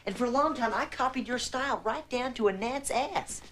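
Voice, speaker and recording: A man's voice: extremely high pitch, fairly quick, bright, forceful tone, slight background noise, exaggerated voice. An actor playing an earnest young man from the country, a college debater who talks in a Southern accent with a modest, folksy manner. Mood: admiring. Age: young adult. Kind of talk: film acting.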